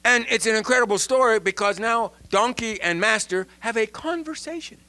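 Animated man teaching the Bible. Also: high voice, moderate pace. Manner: animated, restarts and repeats words.

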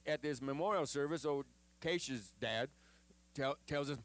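A man preaching a sermon in an animated, chatty way, with jokes and acted-out quotes. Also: mid-range voice, a little fast.

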